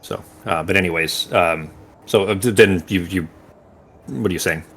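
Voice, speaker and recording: A man's voice: low-pitched, moderate pace, a bit bright, slightly rough. A man running a tabletop game as game master, rambling and searching for words while he describes scenes in vivid detail.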